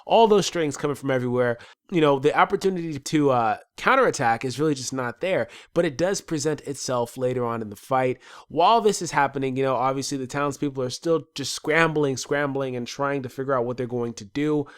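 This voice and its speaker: A man's voice: mid-range voice, lively intonation, fairly quick, clean tone. A man with a stuffy nose giving a casual solo episode review, rambling and swearing freely.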